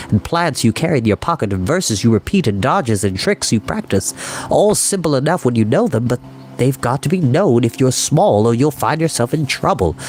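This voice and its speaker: A man voicing a calm, practical male water rat with a low, soothing voice. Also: lightly acted.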